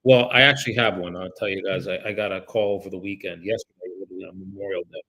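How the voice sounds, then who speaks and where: A real estate broker livestreams his cold calls, chatting casually with viewers between calls in a low, steady, fast, bright, forceful, slightly rough voice. On the phone he becomes polite and formal, and he swears when frustrated.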